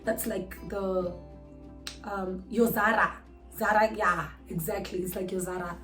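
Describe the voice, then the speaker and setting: A young South African woman telling a storytime vlog with animated, outraged bursts. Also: mid-range voice, a little slow, faint music behind, poor audio. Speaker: vlogger.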